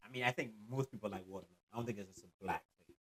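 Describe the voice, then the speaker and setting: A man's voice: fairly low pitch, rapid-fire, a crowd in the background. A man co-hosting a podcast, trading playful, teasing banter in casual chat. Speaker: podcast co-host.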